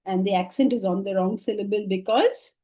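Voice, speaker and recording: Animated woman teacher with a mellow voice. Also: medium pitch, brisk, rough recording. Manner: animated, questioning, shifts between soft and emphatic. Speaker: Vedanta teacher. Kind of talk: scripture class lecture. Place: classroom with listeners.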